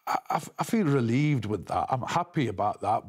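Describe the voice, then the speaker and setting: A man giving an emotional news interview, talking haltingly with many restarts and repeated words. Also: medium pitch, lively intonation, husky. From England.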